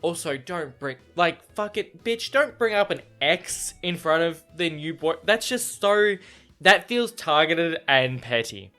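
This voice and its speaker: A man's voice: on the high side, expressive, a little slow, sharp tone, soft background music. A young man reacting to a novel in a casual reading vlog, swearing freely and rambling in exasperation. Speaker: book reaction vlogger.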